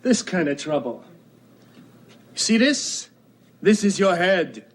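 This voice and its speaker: A touchy wannabe mobster. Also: male voice, sits high, sing-song, slow, heavily acted. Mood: indignant. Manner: mock mobster talk with Italian phrases. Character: young man playing wannabe Italian mobster, touchy. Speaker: stepson. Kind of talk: sitcom acting. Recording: noisy old sitcom recording.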